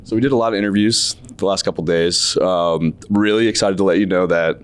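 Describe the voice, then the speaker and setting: A man's voice: low-pitched, fairly even intonation, fairly quick, smooth. A man interviewing filmmakers at a festival, asking casual, meandering questions.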